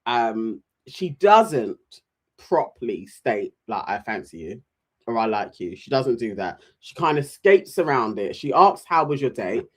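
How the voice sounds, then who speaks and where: A podcast co-host with a mid-range voice speaks unhurriedly in a casual chat, recapping reality TV. He's animated and mimics the voices of the people he quotes when retelling scenes.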